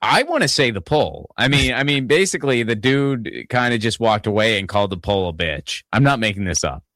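A man's voice: lowish voice, lively intonation, a little fast, fairly bright tone, no echo, clean studio sound. A man from Pittsburgh hosting a casual political podcast, rambling and swearing, often restarting his sentences. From Pittsburgh, Pennsylvania. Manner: rambling, profane, full of restarts and asides. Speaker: podcast host.

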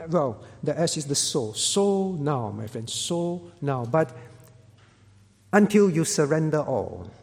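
A man preaching a sermon as pastor, earnest and pleading, rising at times to loud exclamations. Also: high-pitched. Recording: long hall reverb.

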